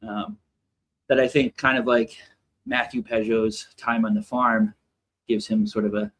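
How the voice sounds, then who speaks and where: Man caller, husky voice, slightly out of breath from walking, casual and personal. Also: mid-range voice, fairly even intonation, measured pace, a bit bright, poor audio. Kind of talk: casual chat.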